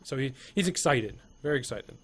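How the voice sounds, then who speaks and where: A man describing his character at a tabletop game, speaking quietly and haltingly with plenty of pauses. His voice sits at an average pitch. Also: slight background noise. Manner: hesitant, many fillers and restarts, softly spoken. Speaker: player. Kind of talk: casual tabletop game play.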